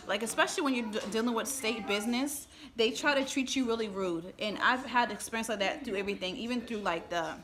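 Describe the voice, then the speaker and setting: A woman vlogger with a medium-pitched, sharp voice is upset and venting on a home live stream. Her talk is rambling, irritated and emotional with restarts, and kids' chatter surrounds her.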